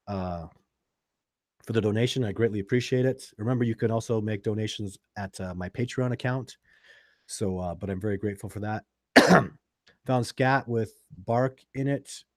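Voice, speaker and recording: A man with a lowish voice hosts a live video chat about Sasquatch research at a moderate pace. He answers viewers' questions and tells stories in a rambling way, restarting often and using many fillers. The recording is dry and studio quality.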